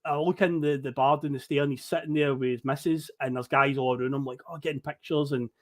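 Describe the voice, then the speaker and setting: A man's voice: mid-range voice, steady tone, fast talker. A Scottish man in his thirties on a podcast, telling rambling travel anecdotes, acting out quotes and laughing often. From Scotland. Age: 30s. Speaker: podcast guest storyteller. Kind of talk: casual podcast chat.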